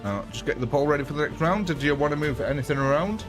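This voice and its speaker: A man's voice: fairly high pitch, animated, fast, over music. A man hosting a live gameplay stream, chatting casually with viewers and laughing often. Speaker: livestream game host.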